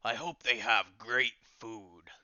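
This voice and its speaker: A man voicing a big male dinosaur creature who speaks slowly and plainly. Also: medium pitch, pushed and bright, dry recording, lo-fi sound. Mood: friendly.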